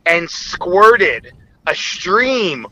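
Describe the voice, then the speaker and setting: A man's voice: high voice, sing-song, very slow, pushed and bright, highs cut off. A man, a former co-host calling in, telling a rambling, crude story full of filler words. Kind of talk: casual storytelling.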